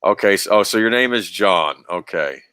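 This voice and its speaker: A man with a low voice chats casually while rewatching a film, wandering between thoughts and laughing often. The sound is dry and close, with no room around it. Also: lively intonation, normal speed, bright, forceful tone, no room sound. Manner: rambling, laughs often, many restarts. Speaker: podcast co-host.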